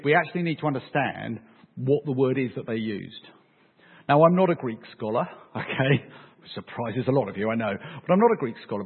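A man preaching a sermon, animated and joking with his congregation. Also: mid-range voice, breathy edge. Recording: phone-like, echoey hall sound.

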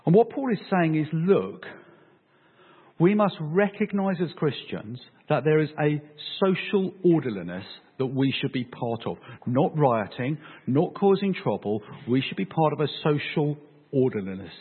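Man, sermon, lively pitch, husky voice, tinny phone-like sound, echoey church hall. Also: moderate pace. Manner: animated and joking with the congregation. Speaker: preacher.

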